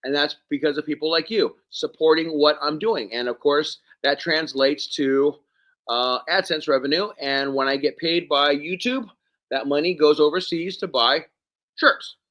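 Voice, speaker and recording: A man hosting a live stream, hoarse from hours of talking, thanking viewers one by one by name. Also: fairly high pitch, moderate pace, lo-fi sound. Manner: thanks viewers by name, rambling and warm-hearted. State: hoarse, losing his voice. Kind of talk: casual live stream chat.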